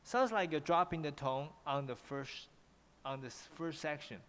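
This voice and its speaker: A man's voice: on the high side, moderate pace, fairly bright tone, in a large hall, a little hiss or hum. A man with a Taiwanese accent teaching English pronunciation in an online class, often repeating himself and switching into Mandarin.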